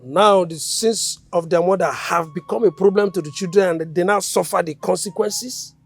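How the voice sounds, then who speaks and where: A stern older Nigerian uncle in a film drama, his voice gravelly and husky and set fairly high. He talks in a grave, weighty way, with a Nigerian accent. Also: normal speed, faint music behind, full character voice.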